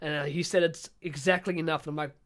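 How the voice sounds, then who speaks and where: Chatty South African podcast host. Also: male voice, fairly high pitch, fairly even intonation, fast talker, fairly bright tone. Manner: laughing, chatty, often repeats words. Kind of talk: casual interview chat.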